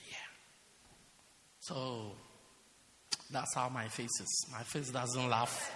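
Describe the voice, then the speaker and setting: A man's voice: medium pitch, fairly even intonation, slow, noisy background. A man preaching a sermon as pastor, emphatic and repeating his phrases for effect. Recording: echoey hall with long reverb.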